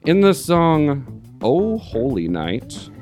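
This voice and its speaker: A man's voice: medium pitch, sing-song, takes it slowly, darkish tone, soft background music. A man hosting a Christian podcast, running a lyric quiz with playful, mock-stern banter. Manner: teasing, mock-stern quizmaster.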